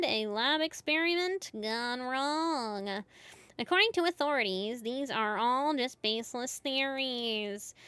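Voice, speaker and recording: A woman voicing a formal female TV news anchor in a video game, reading bulletins in a measured, official way. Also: a little high, pushed and bright, clean tone, dry recording. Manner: measured, official broadcast delivery.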